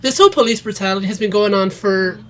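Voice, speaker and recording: A man's voice: high-pitched, fast talker, crowd noise. Matter-of-fact man in casual chat. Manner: matter-of-fact, short remarks. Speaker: podcast co-host.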